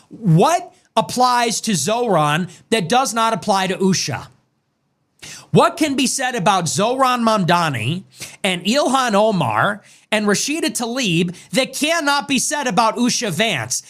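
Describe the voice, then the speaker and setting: High, lively man ranting sarcastically. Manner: sarcastic, mocking, emphatic. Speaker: political streamer. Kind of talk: ranting commentary.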